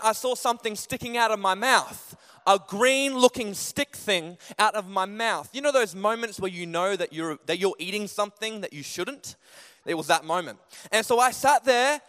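A young man preaching a sermon in a church, telling stories in an animated way that climbs higher and louder as he gets going. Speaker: pastor. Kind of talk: sermon with personal storytelling. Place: church hall. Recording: long hall reverb.

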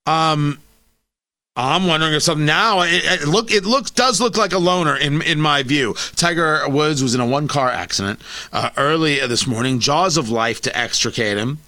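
A man's voice: fairly high pitch, moderate pace, pushed and bright. A man hosting a talk show, giving emphatic, opinionated political commentary that repeats points for effect and adds sarcastic asides.

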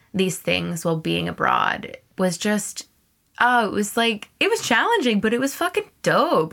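A woman's voice: fairly low pitch, vocal fry. Candid young woman storyteller. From Canada. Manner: animated and candid, swears freely. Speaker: podcast host. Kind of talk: casual storytelling monologue.

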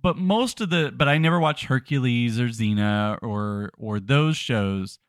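Man, casual podcast chat, rambling, self-deprecating, dry close sound, middle-pitched voice. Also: measured pace, dry recording. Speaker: podcast co-host. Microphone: podcast microphone.

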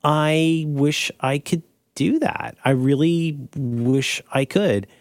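A man's voice: slow, no room sound. A man co-hosting a podcast in casual chat, rambling and correcting himself as he explains an idea. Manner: rambling, self-correcting, animated pitch jumps. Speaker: podcast co-host.

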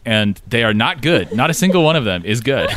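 A man's voice: medium pitch, fairly quick, a little hiss or hum. A man chatting casually as a co-host, rambling with fillers, swearing and laughing as he critiques. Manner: rambling, profane, animated with laughs.

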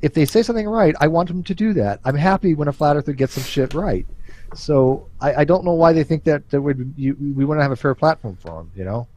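A man's voice: on the high side, brisk, a little mellow. A man hosting a casual panel chat, rambling and swearing, with frequent restarts. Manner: rambling, profane, restarts often. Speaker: podcast host.

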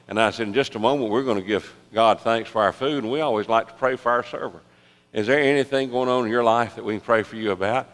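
A man preaching a sermon, telling a story with lively swings between loud excitement and soft hushed tones. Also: fairly low pitch, quick pace. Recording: long reverb of a large hall.

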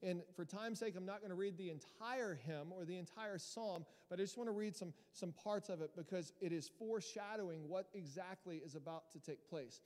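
A pastor with a fairly high voice preaches a sermon in a church hall, speaking briskly with hardly any pauses. His delivery is lively and emphatic, building to loud peaks, and his words trail off into long reverb.

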